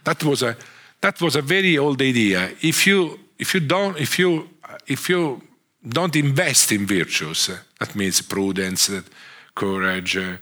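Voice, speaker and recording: A man with an Italian accent giving a conference lecture, speaking haltingly with frequent restarts and fillers. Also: mid-range voice, expressive, sharp tone. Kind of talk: conference talk.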